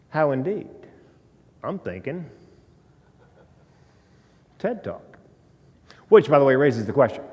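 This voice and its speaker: A male comedian giving a stage talk, telling a story with dramatic pauses and wry humor. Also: mid-range voice, sing-song, a little mellow. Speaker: comedian and speaker. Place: stage in a large hall. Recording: hall reverb from stage talk.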